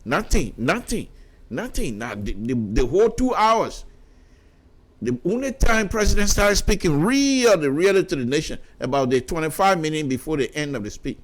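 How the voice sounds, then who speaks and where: This middle-aged man, speaking with a Liberian accent, gives fervent political talk on air at a moderate pace, his voice a little high and very animated. His delivery is repetitive, broken up by stumbling restarts.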